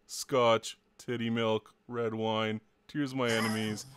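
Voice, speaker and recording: A man's voice: on the low side, little pitch movement, slow pace, a bit bright, smooth, dry recording. A man voicing a haughty gorgon queen.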